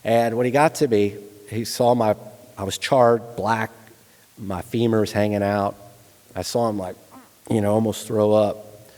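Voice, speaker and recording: Speaking a little slowly with long pauses, a middle-aged man gives a lecture audience a frank account of his own war experience, salted with blunt soldier humor. He's a retired Army staff sergeant as guest lecturer, with a fairly low, a little mellow voice and fairly even intonation, and the large hall adds long reverb.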